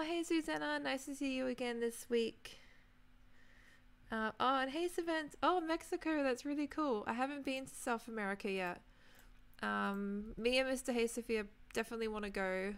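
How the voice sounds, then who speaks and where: A woman's voice: medium pitch, gravelly, clean tone. A young Australian-accented woman streaming a game and chatting casually with viewers, greeting them by name as she goes. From New Zealand, raised in Australia. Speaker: gaming streamer. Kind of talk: casual live-stream chat.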